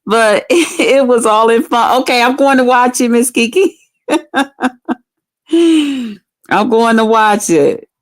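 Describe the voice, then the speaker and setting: With a fairly high voice, she talks slowly and pauses often as she tells her livestream viewers a personal story. The host is frank and casual, swears freely, and speaks directly to the people watching.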